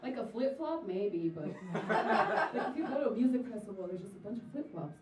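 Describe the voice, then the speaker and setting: Against a loud crowd, a young comic with a medium-pitched, expressive voice runs through a sarcastic, chatty stand-up set at a fairly quick clip, playing the people she describes. It's captured from afar in a roomy, dull-sounding live recording on a comedy venue stage.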